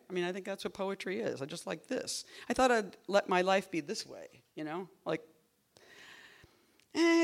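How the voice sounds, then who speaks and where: A woman poet giving a reading, talking casually between poems in a rambling, self-interrupting, wry way, jumping between loud bursts and quiet murmurs. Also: on the low side, creaky.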